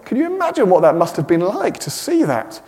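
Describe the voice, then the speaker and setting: With a high voice that swoops wildly in pitch and moves fairly quickly, a middle-aged preacher delivers his sermon slightly raised. His easygoing, warm talk is sprinkled with self-deprecating humour, echoing long through a church hall.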